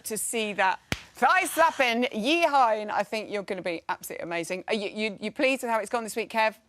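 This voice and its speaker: A woman hosting a chatty TV studio interview, bubbly and quick to laugh. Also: on the high side, expressive, fairly bright tone, slight background noise. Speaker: host.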